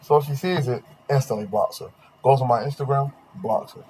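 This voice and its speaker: A young man hosting a podcast, telling a long dating story in slangy, animated casual chat with quoted voices. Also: mid-range voice, moderate pace, a little hiss or hum. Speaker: podcast host.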